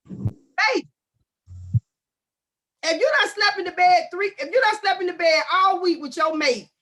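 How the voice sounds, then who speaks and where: Loud, animated woman ranting. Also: very high-pitched. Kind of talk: casual comic rant to camera.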